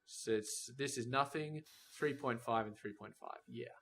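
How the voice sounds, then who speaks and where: A man's voice: medium pitch, measured pace, fairly bright tone. A man giving casual let's-play commentary, thinking aloud as he plans a factory and chides the game's robots and trains. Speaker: gameplay commentator.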